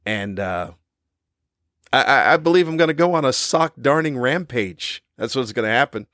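A middle-aged man talking casually to his regulars in a wry, rambling way, often restarting and filling pauses. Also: medium pitch, animated, fairly bright tone, no echo, clean studio sound. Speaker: podcast host. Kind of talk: casual monologue.

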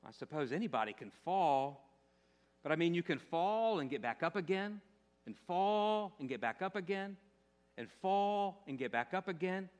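A man's voice: high-pitched, lively intonation, moderate pace, in a large hall, pitched above the performer's own voice. A man voicing an eager, earnest young boy in a storybook reading.

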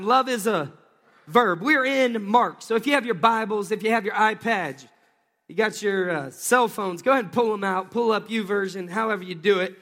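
A man preaching a Sunday sermon as a pastor, energetic, drawing the congregation into call-and-response. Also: high-pitched, in a large hall. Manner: energetic, calls for crowd responses. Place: church sanctuary.

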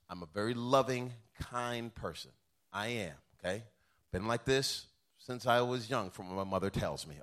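Animated preacher man, playful and loud. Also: mid-range voice. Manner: animated, self-deprecating storytelling with sudden loud bursts. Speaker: pastor. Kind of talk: humorous sermon. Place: chapel.

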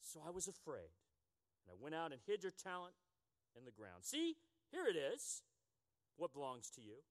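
A man's voice: fairly high pitch, huge pitch swings, moderate pace, pauses often, in a large hall, pitched below the performer's own voice. A man in his fifties reading the part of a fearful, lazy servant in a pleading tone.

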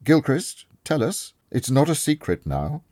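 A man reading a story aloud, voicing a calm, clever male detective who explains things step by step and is kindly but firm. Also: medium pitch, unhurried, breathy edge, dry recording, voice pushed up. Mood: gentle. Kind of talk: audiobook reading.

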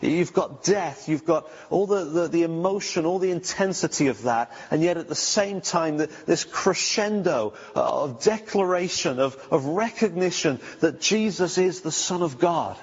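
A man's voice: a little high, animated, moderate pace, hardly any pauses, husky. Man preaching in a reverberant hall. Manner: conversational, rhetorical questions, frequent restarts. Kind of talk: sermon. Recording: lo-fi recording with long hall reverb.

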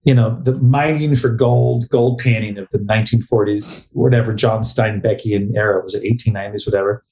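A man's voice: fairly low pitch, fairly even intonation, brisk, few pauses, darkish tone. A middle-aged man co-hosting a casual book talk, rambling, restarting sentences and reading passages aloud. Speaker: podcast co-host.

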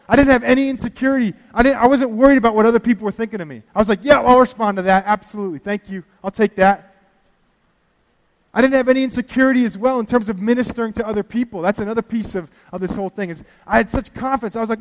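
A high-pitched male preacher delivers a sermon in a lively storytelling way, acting out his own prayers. His voice rings out in a hall with a long, trailing reverb. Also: fast talker. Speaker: pastor.

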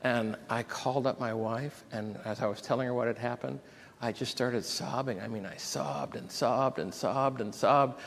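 A man delivers an emotional sermon, at a middle pitch, moving between scripture readings and heartfelt personal stories. His voice rises in intensity as he reads the passages aloud. A long reverb from the church sanctuary trails after his words. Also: fairly even intonation, moderate pace, creaky. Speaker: pastor.

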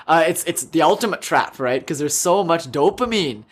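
A man's voice: on the high side, expressive, normal speed, husky. Chatty, laughing man teaching a yoga class. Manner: laughs often, jokey, rambling with fillers. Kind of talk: casual spiritual talk to a class.

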